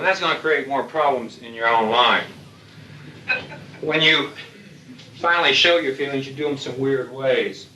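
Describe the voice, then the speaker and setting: A man's voice: medium pitch, a little slow, long pauses, pushed and bright, slight background noise. A man giving a lecture to military aviators in a blunt, folksy way with salty humor. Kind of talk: lecture to an audience. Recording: echoey hall, distant mic.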